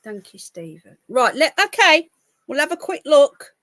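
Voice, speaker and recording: A woman's voice: high-pitched, sing-song, a little slow, a bit bright, no echo, clean studio sound. A woman hosting a casual live stream, talking to her pets in cooing baby talk. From United Kingdom. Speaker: livestream host.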